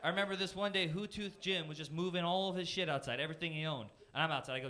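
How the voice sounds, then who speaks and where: A man in his twenties from Florida doing a self-deprecating stand-up set on a comedy club stage, punchy, with quick jumps into silly voices. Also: fairly high pitch, sharp tone. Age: 20s. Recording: noisy live comedy club with crowd laughter. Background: audience laughter.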